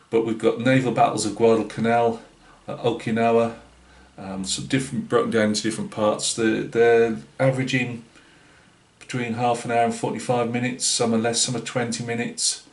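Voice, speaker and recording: Northeast English man, hobby channel host, chatty and halting, low voice, roomy echo. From Britain. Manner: rambling and hesitant, many fillers and restarts. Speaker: scale-modelling channel host. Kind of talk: casual vlog chat. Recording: roomy echoey room.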